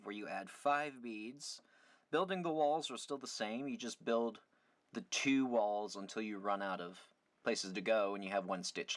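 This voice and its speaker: A man's voice: medium pitch, fairly bright tone, slight background noise. A young man hosting a casual beading lesson, rambling and chatty with a self-deprecating streak. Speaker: beading tutorial host. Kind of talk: casual livestream craft lesson.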